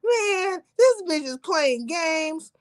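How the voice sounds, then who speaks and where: A woman's voice: very high voice, animated, drawn-out words, no room sound. A woman hosting a livestream, talking to her viewers in an emphatic, profane, preachy way. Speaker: livestream host. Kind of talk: impassioned livestream rant.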